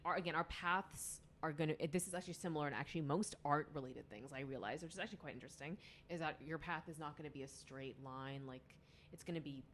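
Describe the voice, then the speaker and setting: A woman's voice: deep voice, quick pace, fairly bright tone, a little hiss or hum. A young woman chatting casually as a podcast guest, rambling with lots of fillers and restarts. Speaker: podcast guest, music student. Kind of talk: casual chat.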